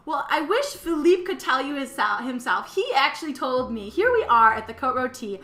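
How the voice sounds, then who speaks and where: A woman with a Midwestern accent, chatty and animated, presenting a wine lesson with slides and plenty of fillers. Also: high-pitched, normal speed, hardly any pauses. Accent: Midwestern American. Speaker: wine school owner and teacher. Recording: echoey room with faint background noise.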